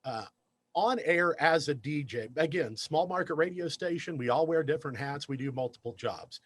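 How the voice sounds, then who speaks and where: A man's voice: a little high, normal speed. Upbeat man telling radio stories. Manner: animated anecdote teller, self-deprecating. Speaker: radio DJ and news director, guest. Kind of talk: casual podcast storytelling.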